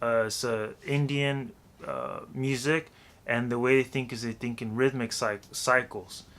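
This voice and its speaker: A man's voice: medium pitch, steady tone, measured pace, fairly bright tone. A man teaching how to rap in a loose, chatty way, counting beats aloud and scatting rhythms. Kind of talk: casual music lesson.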